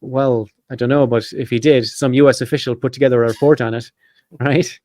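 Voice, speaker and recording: Fast-talking man reading a script. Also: medium pitch, steady tone, darkish tone, dry recording, clean studio sound. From Ireland. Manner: quick, chatty, self-correcting. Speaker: podcast host. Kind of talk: reading a prepared script with casual asides.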